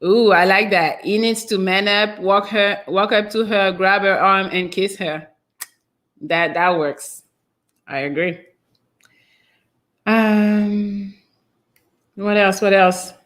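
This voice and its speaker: Speaking slowly with long pauses, a woman from France runs a relaxed live stream in a French accent. Her medium-pitched, slightly bright voice wanders from topic to topic as she reads out comments, often trailing off into fillers.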